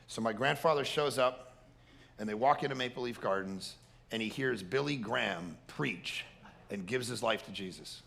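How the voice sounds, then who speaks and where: A man, a pastor, preaching a sermon with animated storytelling and a quiet prayer. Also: mid-range voice, normal speed, creaky.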